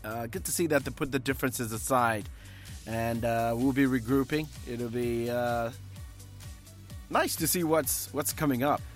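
A male host in casual on-air chat, relaxed, with many pauses and fillers. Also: mid-range voice, faint music behind. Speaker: radio host.

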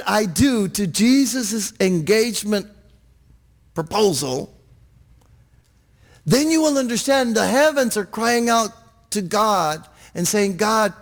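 High-voiced slow-preaching man. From Texas, USA. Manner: earnest preaching with frequent restarts and calls of "Amen?". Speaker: pastor. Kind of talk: sermon.

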